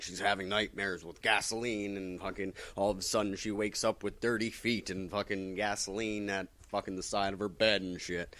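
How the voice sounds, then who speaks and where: A man's voice: fairly low pitch, dry recording. A man casually recapping comics, rambling and swearing constantly with lots of fillers. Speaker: comic book vlogger.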